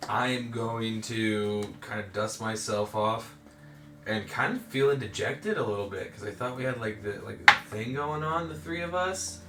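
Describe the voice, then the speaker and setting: A man's voice: lowish voice, normal speed, background noise. A man playing a tabletop game, talking casually and hesitantly. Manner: hesitant, filler-heavy talk. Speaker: player. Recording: roomy, far from the mic, loud music behind.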